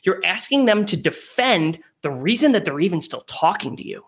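A man co-hosting a sales advice podcast, lively and acting out customer and rep lines. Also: high-pitched, moderate pace. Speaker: co-host.

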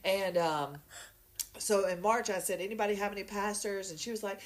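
A woman, a podcast guest, telling a story in a lively, casual way and acting out other people's voices. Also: mid-range voice, a little fast. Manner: animated, acts out voices in her story.

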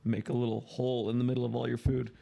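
A man in casual podcast chat, relaxed, listing details at an easy pace. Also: mid-range voice, quick pace, gravelly, slightly rough.

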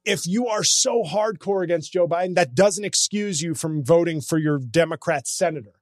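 A man's voice: on the high side, normal speed, dry recording, studio quality. Sarcastic man ranting on a podcast. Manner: sarcastic, ranting, self-mocking. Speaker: comedian podcast host. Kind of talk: casual comedy podcast chat.

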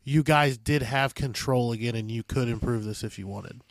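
A man's voice: mid-range voice, moderate pace, no room sound. A man hosting a podcast, asking questions in a casual, joking way with loose phrasing. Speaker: podcast host.

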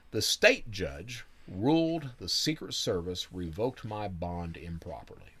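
A man's voice: medium pitch, a bit bright, slightly rough. A man telling his own story in a casual, wry way, laughing now and then and swearing freely.

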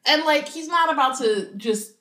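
A woman co-hosts a podcast in casual chat, talky, saying "like" a lot and swearing casually. Her voice sits high and sounds sharp, at a moderate pace, with roomy echo in the recording.

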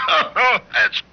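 A man playing a bumbling, coughing smoking teacher in a comic old radio ad. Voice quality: coughing, chuckling, mock-earnest. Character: bumbling male smoking teacher, cheerfully oblivious. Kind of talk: comic public-service ad. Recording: old radio ad, dull with clear hiss.

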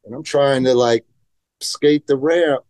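A man's voice: medium pitch, slow, a little mellow, clear, resonant tone, dry recording. A man telling skateboarding stories in a casual podcast interview, rambling and profane, acting out quotes. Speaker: guest, professional skateboarder.

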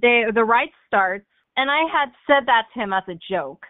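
A woman's voice: on the high side, moderate pace, dry recording. A young woman, a podcast guest, telling stories casually with lots of fillers and laughter. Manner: animated storyteller who laughs often, with fillers like "like" and "um". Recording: tinny phone-like line.

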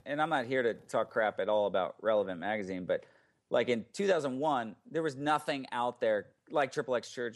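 A man talks as a podcast guest in a loose, casual way, circling his point with plenty of "like" and false starts. His pitch sits in the middle of the male range. The tone is relaxed and conversational. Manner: rambling, lots of "like" and restarts. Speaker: podcast guest, ministry founder.

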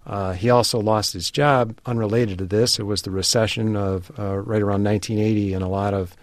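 A man being interviewed on radio as an author, speaking in a measured way with frequent fillers. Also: lowish voice, fairly even intonation, no room sound, studio quality. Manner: measured, hesitant with many fillers. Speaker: author and guest.

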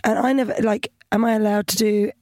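A woman comedian co-hosting a podcast, bantering quickly in casual chat with indignant pushback. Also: medium pitch, steady tone, darkish tone, no echo, clean studio sound.

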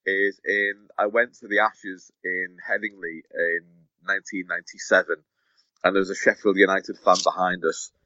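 A man's voice: fairly low pitch, sharp tone, dry recording. A man co-hosting a football podcast, eagerly telling a story in casual chat. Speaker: podcast co-host. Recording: dry, dull lo-fi recording.

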